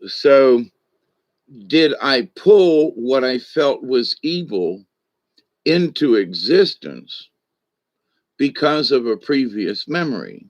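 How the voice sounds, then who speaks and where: Slow, dry-voiced man in his sixties. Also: medium pitch, very animated, no echo, dull audio. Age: 60s. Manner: slow, thoughtful, with frequent restarts and asides. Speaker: spiritual teacher. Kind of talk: reflective spoken monologue.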